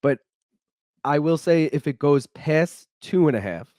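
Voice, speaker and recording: A man's voice: on the high side, expressive, unhurried, darkish tone, no echo, studio quality. A young man, a podcast guest, chatting casually in a laid-back way, saying "dude" and "like" a lot. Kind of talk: casual chat.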